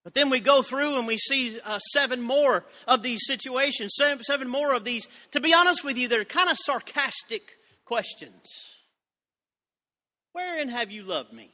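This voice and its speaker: A man's voice: very high voice, moderate pace, sharp tone, big-room sound. A man preaching a sermon, reading scripture and telling folksy, joking asides to his congregation. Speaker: pastor.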